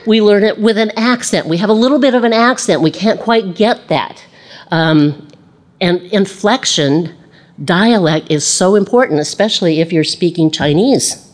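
A woman's voice: medium pitch, normal speed, a little mellow. Chatty woman teaching a Bible lesson. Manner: chatty, laughs and acts out quoted voices.

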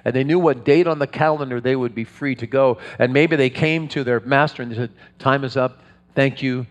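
A man preaching in a big hall, with a long tail of reverb behind him. He tells stories loosely and conversationally, often restarting his phrases. His pitch sits in an ordinary middle range. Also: brisk, lo-fi sound. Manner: storytelling, conversational with frequent restarts. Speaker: pastor. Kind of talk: sermon.

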